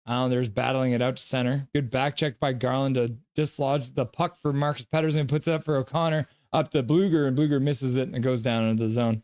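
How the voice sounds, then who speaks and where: A young man on a live stream, calling hockey play and reading chat aloud with excitable, goofy delivery. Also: medium pitch, fast, few pauses.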